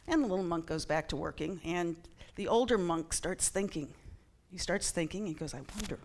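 A woman's voice: fairly low pitch, normal speed, a little mellow, a little hiss or hum. A middle-aged woman speaking to a church congregation in a chatty, self-deprecating way, with frequent ums. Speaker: church member giving a talk. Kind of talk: casual sermon talk to a congregation. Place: church sanctuary.

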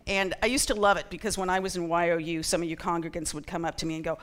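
In a church sanctuary, a middle-aged woman gives a casual sermon-style talk to the congregation, chatty and self-deprecating with frequent ums. Her lowish, slightly bright voice moves quickly with little pitch variation and hardly any pauses.

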